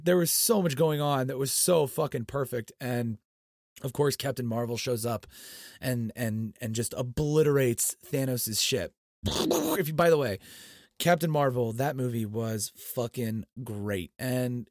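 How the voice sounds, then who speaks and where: A man excitedly retelling a film scene by scene in casual, profane talk, his voice swinging from hushed to shouting. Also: medium pitch, no echo, studio quality. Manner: animated, profane storyteller with big swings in loudness. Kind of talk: excited casual movie recap.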